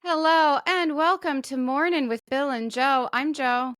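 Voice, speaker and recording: A woman's voice: high-pitched, fairly even intonation, measured pace, fairly bright tone, no room sound. Easygoing female co-host, dry close sound. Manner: self-mocking, easygoing. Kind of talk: casual comedic chat.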